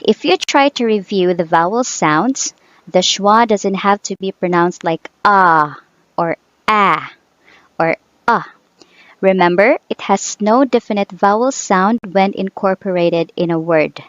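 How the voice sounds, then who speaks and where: A woman's voice: mid-range voice, measured pace, dry recording. A woman teaching English vowel sounds, saying each example word twice and drawing the sounds out carefully. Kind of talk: slow phonetics lesson. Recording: dull, dry sound.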